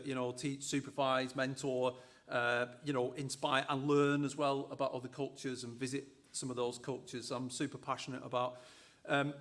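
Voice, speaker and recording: A man's voice: medium pitch, a bit bright. A man co-hosting a live university show, chatty and loose, with lots of fillers and restarts. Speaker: co-host, associate dean.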